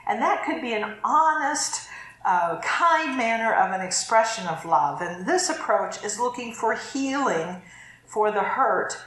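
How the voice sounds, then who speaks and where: Slow-speaking woman pastor in an echoey church. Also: fairly high pitch, very animated. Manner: chatty and warm, laughs easily. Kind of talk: conversational sermon. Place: church sanctuary.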